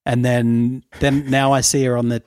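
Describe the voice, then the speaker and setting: A man's voice: mid-range voice, level tone, normal speed, a little mellow, smooth, no room sound, studio quality. A man co-hosting a podcast, telling a story in casual chat, full of fillers and laughter. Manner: chatty storytelling, laughs often, many fillers. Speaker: podcast co-host.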